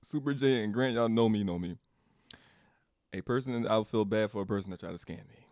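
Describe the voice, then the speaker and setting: A man giving a casual developer update, telling a story in an animated, ranting way, laughing often and swearing. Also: fairly low pitch, brisk, no room sound, studio quality.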